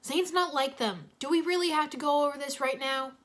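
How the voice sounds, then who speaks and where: A woman's voice: high-pitched, a little fast, a bit bright, pitched above the performer's own voice. A woman voicing a hot-headed young male ninja leader who speaks urgently and commandingly. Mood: impatient.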